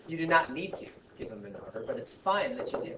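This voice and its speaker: A man teaching a science class, talking in a chatty, joking way with animated asides to his students. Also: on the high side, fast, lo-fi sound, noisy background. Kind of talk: classroom lesson. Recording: echoey classroom from far off.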